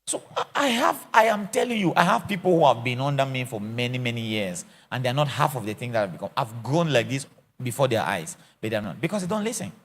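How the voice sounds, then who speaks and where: Animated preacher, gravelly voice. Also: male voice, mid-range voice, quick pace. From Africa. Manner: animated, theatrical, acts out scenes and jokes. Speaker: apostle teaching a church session. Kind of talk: lively teaching sermon.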